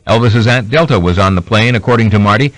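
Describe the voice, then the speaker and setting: A man reading a biography aloud as an audiobook narrator, in steady scripted narration. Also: lowish voice, fast talker, no room sound, rough recording. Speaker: audiobook reader.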